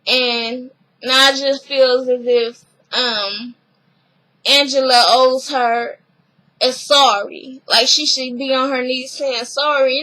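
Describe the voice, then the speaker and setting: A young woman vlogger recapping a reality show in casual chat, blunt and animated, swearing freely and laughing often. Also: sits high, takes it slowly, rough recording.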